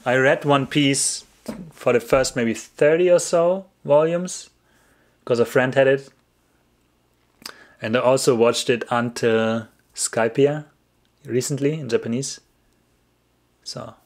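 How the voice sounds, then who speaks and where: Speaking slowly and pausing often, a man answers chat questions during a casual English livestream. His voice sits at a middling male pitch, and he wanders, breaks off mid-sentence and laughs frequently.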